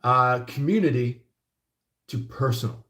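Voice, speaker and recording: A man's voice: medium pitch, a little slow, pushed and bright, echoey room. A man doing a casual tarot reading who rambles with lots of fillers and acts out little quotes. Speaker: tarot reader.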